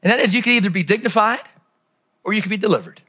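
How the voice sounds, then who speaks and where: A man preaching a lively sermon as pastor, dropping to low asides and rising to shouted peaks. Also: very fast, breathy edge, dull audio.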